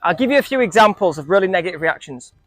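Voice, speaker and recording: A man's voice: high voice, lively intonation, rapid-fire, fairly bright tone, no echo. A man coaching a group of young football players, asking them questions and joking with them. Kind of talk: coaching talk to a group of kids.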